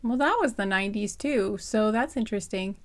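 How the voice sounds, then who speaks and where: Slightly hoarse woman musing through a reading. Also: medium pitch, a little fast. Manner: rambling and hesitant, thinking aloud with many fillers and restarts. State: slightly hoarse, irritated throat. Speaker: tarot card reader. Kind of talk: casual pick-a-card reading.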